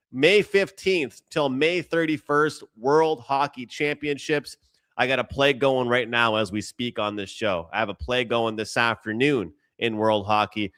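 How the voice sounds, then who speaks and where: A man with a Canadian accent hosting a live betting show, breaking down hockey odds and pitching his picks package. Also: fairly bright tone, no room sound. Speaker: sports betting show host. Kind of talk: betting analysis talk on a live stream.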